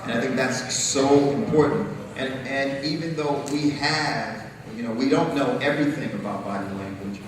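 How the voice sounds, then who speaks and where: Man, mid-pitched, earnest and explanatory, far off in an echoey hall. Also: moderate pace, few pauses, background noise. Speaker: panel speaker.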